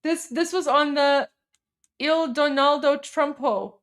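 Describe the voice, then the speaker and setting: A woman hosting a casual livestream, gushing and excitable, repeating herself and calling viewers "guys". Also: sits high, takes it slowly. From Iran. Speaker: livestream host.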